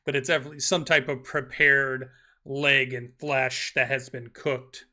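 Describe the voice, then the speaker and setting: A man running a tabletop game talks slowly, narrating the scene in a rambling way full of ums and restarts. His voice sounds bright and forceful into a streaming microphone. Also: medium pitch, flat delivery. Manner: rambling, hesitant with many fillers. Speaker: game master.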